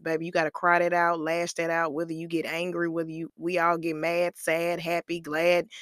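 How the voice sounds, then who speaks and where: A woman's voice: fairly low pitch, a bit bright, no echo, clean studio sound. A woman hosting a casual motivational podcast, chatty and emphatic, with slangy asides, calling listeners "baby" and laughing at herself. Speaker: podcast host.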